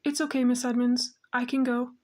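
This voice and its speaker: A woman's voice: on the high side, flat delivery, normal speed, a little mellow, close to an everyday voice. A woman voicing a shy, timid rural schoolboy in an audiobook reading, with a hesitant, stammering manner.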